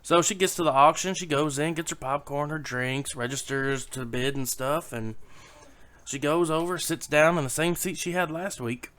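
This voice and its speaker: A man's voice: fairly high pitch, fairly even intonation, moderate pace. Man telling a rambling dirty joke. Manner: rambling and swearing, breaks off to hush his daughter. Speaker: YouTube joke teller. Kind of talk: casual joke telling to camera. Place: home, young daughter on his lap.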